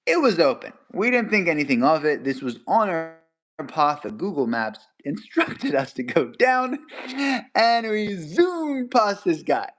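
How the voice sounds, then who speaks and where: A young man telling a story in casual chat, animated, laughing as he goes and acting out quotes with sudden jumps in pitch. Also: measured pace.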